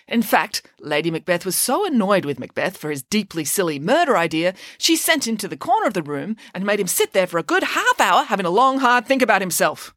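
A woman reading a comic story aloud in a playful, expressive way. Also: medium pitch, a little fast, few pauses, no room sound, clean studio sound.

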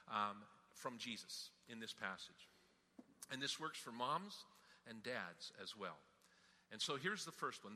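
A man pastor giving a sermon, telling a story with animated, emphatic delivery. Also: medium pitch. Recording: hall reverb.

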